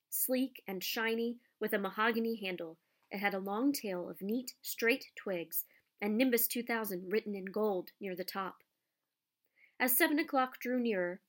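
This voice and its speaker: A woman narrating an audiobook in a calm, even storytelling manner. Her voice sits at a middle pitch.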